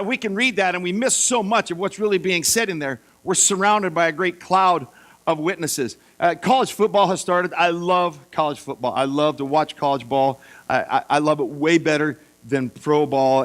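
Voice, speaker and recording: A man preaching a sermon, telling Bible stories in a lively way and acting out the voices of the figures. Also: on the high side, moderate pace. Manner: lively storytelling, acts out voices for biblical figures. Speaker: pastor.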